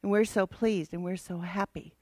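A woman's voice: on the low side, fairly even intonation, normal speed, a little mellow, no room sound. A woman Bible teacher giving a casual, teasing and direct church lesson to a worship team.

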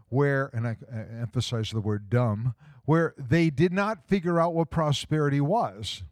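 Man preaching folksy, smooth resonant tone, dry close sound; asks the room questions. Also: a little high, no room sound. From small-town Midwest US. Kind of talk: sermon.

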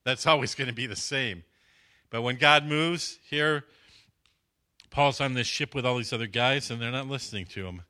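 A man's voice: mid-range voice, moderate pace, bright, forceful tone. A man preaching, telling a story and acting out the dialogue, with a dry throat. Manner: storytelling, acts out dialogue with voice swings. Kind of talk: sermon testimony.

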